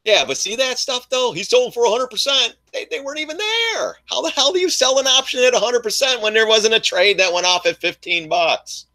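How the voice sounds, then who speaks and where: Older male streamer, bright forceful tone, joking and mocking host. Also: very high voice, brisk, hardly any pauses. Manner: animated, mocking, laughs often. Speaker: live stream host, trader. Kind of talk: casual live stream chat.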